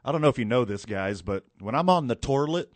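A man hosting a podcast in casual chat, animated and joking, drifting into asides. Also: mid-range voice, fairly quick, no echo. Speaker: podcast host.

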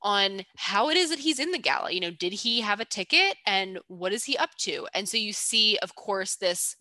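Animated and speaking at normal speed, a woman co-hosting a podcast breaks down a character in a casual, playfully teasing way. Her voice is bright, forceful, and medium in pitch, recorded dry and close with no room sound.

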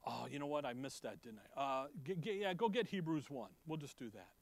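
A man preaching a conversational Bible-teaching sermon, often asking the listeners questions and swinging from emphatic loud lines to quiet ones. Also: medium pitch, expressive, brisk, vocal fry, no echo.

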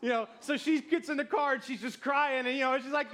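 In his thirties, this preacher speaks briskly in a very high-pitched voice, animated as he tells stories from the pulpit. He keeps calling out to the congregation throughout the sermon.

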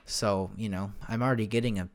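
A man's voice: lowish voice, steady tone, fast talker. A young man hosting his own podcast at home, talking casually into a desk microphone, rambling with many fillers and self-corrections. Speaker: podcast host. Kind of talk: casual solo podcast chat. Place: home room.

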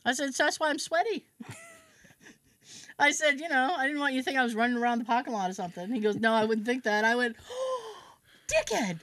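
A woman's voice: fairly high pitch, fairly quick, fairly bright tone, no room sound. A woman co-hosting a podcast, chatting casually and acting out the dialogue in her stories. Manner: chatty, acts out dialogue in anecdotes. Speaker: podcast co-host. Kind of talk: casual chat.

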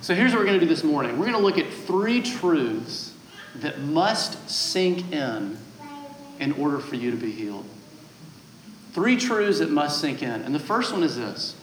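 Animated preacher man in an echoey room. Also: on the high side, unhurried, a little hiss or hum. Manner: animated storytelling with self-deprecating humor. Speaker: guest pastor. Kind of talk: sermon.

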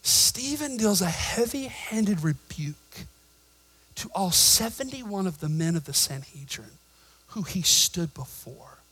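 A man with a drawl preaches in church. His voice sits very high and rings bright and sharp. He shouts his main points, then drops to quiet, joking asides to the congregation. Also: very animated, slow pace, slightly rough, low-quality recording. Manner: jokes with the congregation. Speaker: pastor. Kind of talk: sermon.

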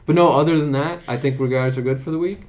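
A man's voice: mid-range voice, fairly even intonation, quick pace. A man co-hosting a local newspaper podcast in casual chat, chatty and laughing easily. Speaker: podcast co-host, sports editor.

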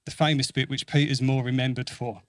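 A man's voice: medium pitch, brisk, dry recording. A man preaching a sermon in an earnest way, repeating phrases for emphasis and acting out quoted voices. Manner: acts out quoted voices with lively shifts.

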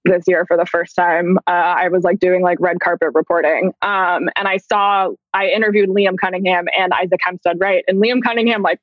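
A woman's voice: lowish voice, fairly even intonation, brisk, few pauses, no echo. Chatty woman on a dull, dry line. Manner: chatty, heavy use of "like", self-conscious. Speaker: author and entertainment journalist. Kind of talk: casual podcast interview.

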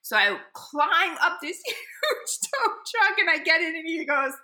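A middle-aged woman co-hosting a podcast, telling a story in a dramatic, animated way and laughing often. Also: very high voice, unhurried. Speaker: podcast co-host. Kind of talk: casual chat.

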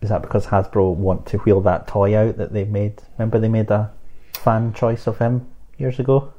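A man's voice: on the low side, little pitch movement, mellow, muffled recording. A man co-hosting a casual chat, joking and laughing as he reads out listener emails. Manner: laughing, joking, quick asides. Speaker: podcast co-host.

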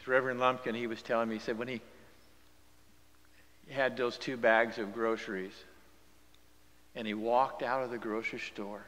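A male pastor delivering a sermon, swinging from hushed, near-whispered storytelling to loud, rising exhortation in a church. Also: medium pitch, little pitch movement, moderate pace, pauses often. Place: church sanctuary. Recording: long church reverb with music behind. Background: guitar music.

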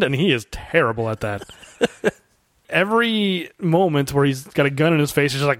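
A man casually discussing a movie, animated and sarcastic, often laughing and restarting as he mocks an actor with impressions. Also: sits high, fast talker, no room sound, clean studio sound. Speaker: podcast co-host.

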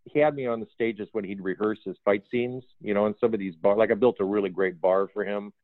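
A man working as a film art director, telling lively behind-the-scenes stories in a casual interview, acting out quoted dialogue and laughing often. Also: on the low side, fast talker, no room sound. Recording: phone-like dry audio.

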